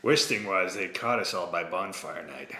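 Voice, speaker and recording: A Scottish man chatting as a comedian co-host, swearing often and riffing through quick absurd bits. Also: low-pitched, vocal fry, sharp tone. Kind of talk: casual comedic chat. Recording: echoey room.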